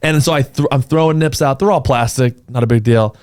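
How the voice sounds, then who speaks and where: Young male podcast host, mid pitch, dry close mic, laughing storyteller. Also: darkish tone, smooth, dry recording. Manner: laughing, quick storytelling with quoted asides. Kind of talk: casual chat, animated storytelling.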